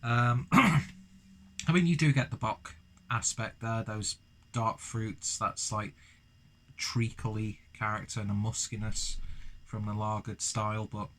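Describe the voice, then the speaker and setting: A man's voice: lowish voice, fairly even intonation, slow, a bit bright, a little hiss or hum. A young man chatting through a beer review, rambling and self-deprecating, with lots of fillers. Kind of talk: casual beer review vlog.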